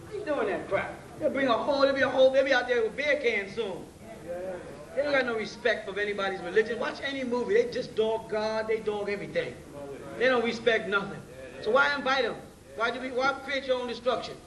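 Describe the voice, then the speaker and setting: A man's voice: very high-pitched, expressive, a little fast, a bit bright. A man teaching an informal class, talking bluntly in slang and often checking in with his listeners. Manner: conversational, keeps checking in with rhetorical questions; blunt street slang and profanity. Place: class meeting room. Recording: roomy, distant 1990s class recording.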